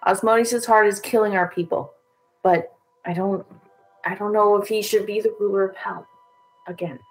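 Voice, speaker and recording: A woman playing a tabletop game in character, talking in a halting, hesitant way. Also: medium pitch, steady tone, soft background music, low-quality recording. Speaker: player.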